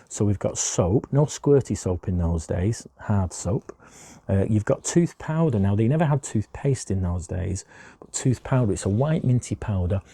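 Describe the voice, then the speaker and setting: A man's voice: on the low side, gravelly, warm tone, slightly rough, dry recording. A man teaching a chatty history lesson to children, often asking them questions as he shows objects.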